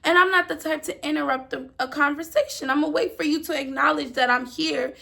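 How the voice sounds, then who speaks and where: A young woman in her twenties casually telling an animated story to her phone camera, with emphatic slang and repeated words. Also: high-pitched, brisk, creaky. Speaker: storyteller vlogger.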